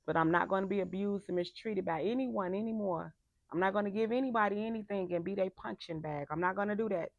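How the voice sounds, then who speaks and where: A woman life coach giving a passionate motivational talk, emphatic and turning loud and animated when making a point. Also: mid-range voice, fast, no echo, lo-fi sound.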